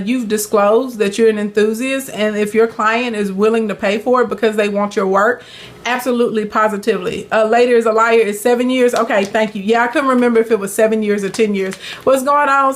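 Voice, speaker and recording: A woman's voice: fairly high pitch, fairly even intonation, fairly quick. A woman with a Southern US accent hosting a casual live business Q&A, chatty and upbeat, greeting viewers by name and calling them honey. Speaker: live-stream business coach.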